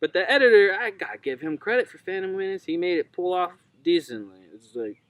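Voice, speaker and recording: A man co-hosting a casual chat, animated and acting out quotes in mocking voices. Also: sits high, brisk.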